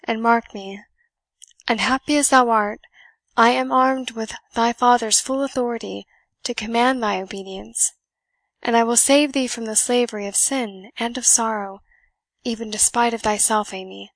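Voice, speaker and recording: A stern young gentleman speaks in solemn, commanding tones, as a woman reading aloud puts him on. The sound is dry and close. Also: a little high, fairly even intonation, moderate pace, dry recording.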